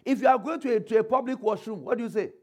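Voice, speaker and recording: With a high voice, a male preacher works through a sermon, reading from scripture and asking the congregation rhetorical questions that call for a response. He speeds up, slows down, and adjusts his volume to emphasize points.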